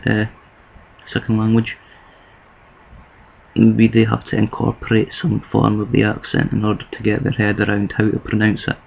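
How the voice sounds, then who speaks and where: A man's voice: fairly low pitch, vocal fry. A man from Scotland with a Scottish accent, rambling and correcting himself in a casual video monologue. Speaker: vlogger. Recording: dull lo-fi home recording.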